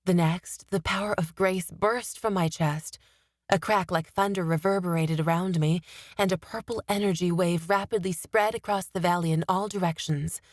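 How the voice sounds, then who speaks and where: A woman narrating a fantasy novel in the first person, steady and expressive, on a studio mic. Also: fairly low pitch, moderate pace, no room sound. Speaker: audiobook narrator.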